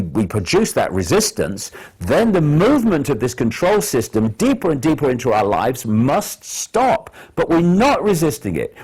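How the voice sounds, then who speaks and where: A man from Britain giving an impassioned speech to an audience, emphatic, building to forceful peaks and repeating words as he presses on. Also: mid-range voice, husky. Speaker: public speaker.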